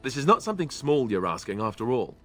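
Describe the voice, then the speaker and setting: A man's voice: mid-range voice, very animated, quick pace, bright, forceful tone, soft background music. An actor with a British accent playing a young male Grey Warden, a former templar with a dry, self-deprecating and hesitant way of talking. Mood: wry. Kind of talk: video game dialogue.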